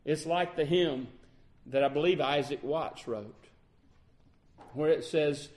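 A man preaching with a fairly high voice and an unhurried, deliberate pace. He swings from loud, high exclamations down to slow, soft passages, drawing out key words for emphasis. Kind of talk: sermon.

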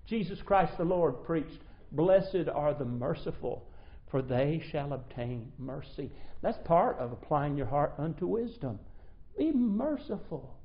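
A man's voice: on the high side, animated, a little slow. A man preaching a sermon, reading scripture and speaking earnestly, his volume swelling and dropping. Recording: dull lo-fi recording.

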